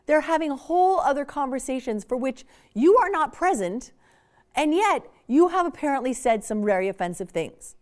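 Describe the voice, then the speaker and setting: A woman speaker giving a public talk on parenting, animated and emphatic, acting out quotes as she goes. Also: high voice, normal speed.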